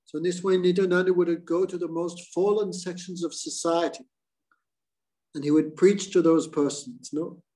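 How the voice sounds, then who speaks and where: A man's voice: sits high, normal speed, low-quality recording. A man, a spiritual teacher, telling a devotional story in a class and acting out the lines of its figures. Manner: animated storyteller who voices quoted lines.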